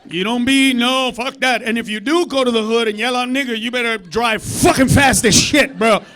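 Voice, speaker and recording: Stand-up comic, man, very high voice; rowdy, foul-mouthed, veers from shouted bits to muttered asides on a club stage. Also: moderate pace, some chatter behind. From United States. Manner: loud, profane, swings between shouting and muttering asides. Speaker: stand-up comedian. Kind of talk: stand-up comedy set.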